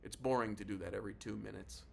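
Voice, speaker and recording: A man's voice: lowish voice, steady tone, fast, gravelly, a little hiss or hum. Man reading a novel in first person. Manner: casual, confiding storytelling. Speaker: audiobook narrator.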